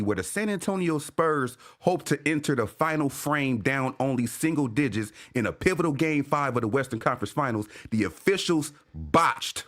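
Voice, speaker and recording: A man hosting a casual sports fan livestream, talking in loose, profane slang and shouting out viewers. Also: mid-range voice. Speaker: sports fan show host.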